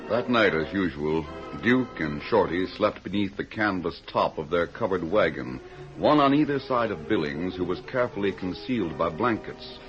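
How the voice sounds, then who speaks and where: A man narrating an old radio drama in a measured, storytelling manner. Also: low voice, lively intonation, lo-fi sound. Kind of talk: scripted narration. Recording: old radio broadcast with music bed.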